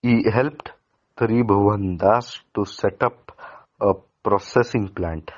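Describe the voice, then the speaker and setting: A man, a student reading a lesson aloud haltingly, with small slips and restarts. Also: lowish voice, muffled recording.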